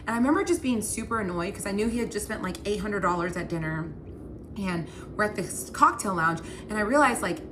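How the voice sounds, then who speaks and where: A woman's voice: mid-range voice, lively intonation, a little fast, noisy background. A young woman telling a personal story in a casual storytime vlog, chatty, with many fillers of "like", acting out quoted lines. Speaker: storytime vlogger.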